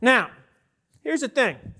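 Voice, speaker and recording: A man with a strikingly high, bright voice delivers a keynote to a big conference audience. He talks with energy and keeps throwing questions at the crowd. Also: sing-song, slow, slight background noise. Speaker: keynote speaker. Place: large conference hall with an audience.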